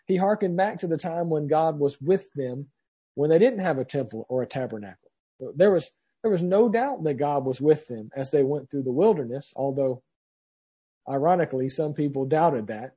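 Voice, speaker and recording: Man, Bible teacher, husky mellow voice, reads scripture then explains with many fillers. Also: fairly high pitch, lively intonation, normal speed, lo-fi sound.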